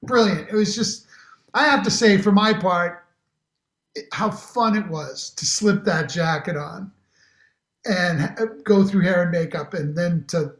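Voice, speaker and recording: A man's voice: high-pitched, a bit bright. Rambling middle-aged man in roomy echo. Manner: enthusiastic, rambling with many restarts. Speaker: actor guest. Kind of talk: casual interview chat.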